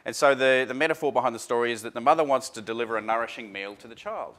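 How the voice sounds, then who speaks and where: A man's voice: mid-range voice, rapid-fire, a bit bright. A man presenting a workshop seminar to a live audience in a chatty, informal way, full of fillers and restarts. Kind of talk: casual workshop talk.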